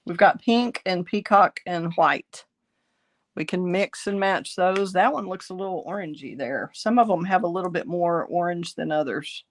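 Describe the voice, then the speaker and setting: Raspy-voiced woman teaching card-making. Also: on the low side, moderate pace. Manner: chatty, thinking aloud while working. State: raspy from bronchitis. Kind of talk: casual craft tutorial.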